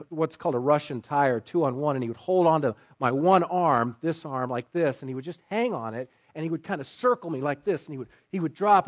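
A man preaching in a church sanctuary, telling a personal story and then building to forceful, emphatic points. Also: on the high side. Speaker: pastor.

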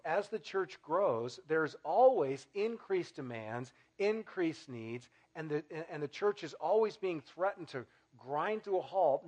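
A man preaching a sermon as pastor, getting animated and building to loud, emphatic peaks. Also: a little high.

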